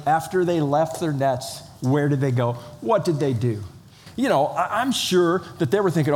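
A man preaching a sermon as pastor, animated, acting out the voices of the people in his story. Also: on the high side, big-room sound. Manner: animated, acts out voices of biblical figures.

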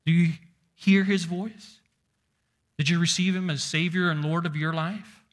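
A man preaching a sermon, emphatic, slowing down and dropping to a near whisper to stress points. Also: a little high, steady tone.

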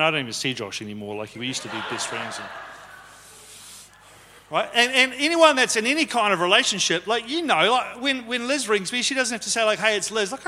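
The voice is very high-pitched, bright, and forceful, perhaps belonging to a man, a pastor preaching conversationally and teasing his congregation. It was recorded live in a church hall with long hall reverb.

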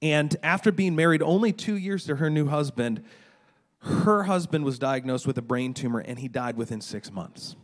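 A man's voice: a little high, moderate pace. A middle-aged man preaching a sermon, retelling a story dramatically with stammered restarts. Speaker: pastor.

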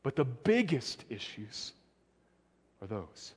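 A man's voice: big pitch swings, slow, breathy edge. Earnest male pastor in echoing hall. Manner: earnest, dropping soft and low for emphasis. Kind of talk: sermon. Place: church sanctuary. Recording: long church hall reverb.

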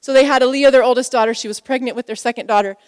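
High-voiced woman preaching in a reverberant hall. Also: fairly even intonation, rapid-fire, clear, resonant tone. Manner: conversational, emotional, many fillers. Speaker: pastor's wife speaking at a conference. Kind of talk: sermon.

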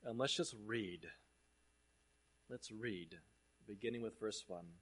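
A man preaching a sermon, reading scripture aloud and swinging between loud proclamation and hushed asides. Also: on the low side, slow.

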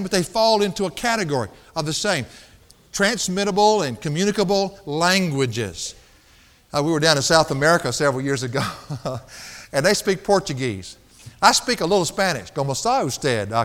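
High-voiced male preacher in a reverberant hall. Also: a bit bright. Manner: emphatic, stretches key words, laughs at own stories. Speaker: pastor. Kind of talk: expository sermon.

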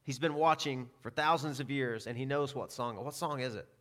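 A man preaching in a relaxed, conversational way, moving between personal stories and scripture. He throws in self-deprecating asides and quiets down when he quotes scripture. His pitch sits in an ordinary middle range. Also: moderate pace. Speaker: pastor. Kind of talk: sermon.

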